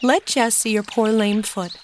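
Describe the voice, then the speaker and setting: A woman voicing a brisk, motherly older girl in a storybook reading, speaking briskly and soothingly. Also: fairly high pitch, fairly even intonation, darkish tone, a little hiss or hum, close to an everyday voice.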